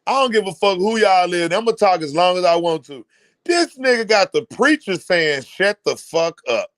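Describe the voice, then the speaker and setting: Loud, swearing reaction host, high voice. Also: male voice, animated, moderate pace, dry recording, studio quality. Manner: loud, mocking, swearing, mimics others. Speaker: commentary host. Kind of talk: profane reaction commentary.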